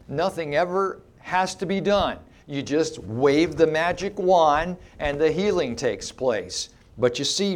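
Emphatic teaching marks this expository sermon from a middle-aged preacher whose voice is a little high. He poses rhetorical questions to those listening.

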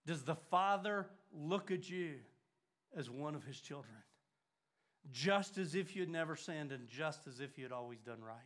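An older man preaching a sermon, swinging from loud urgent emphasis to hushed, near-whispered lines. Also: fairly high pitch, lively intonation, normal speed.

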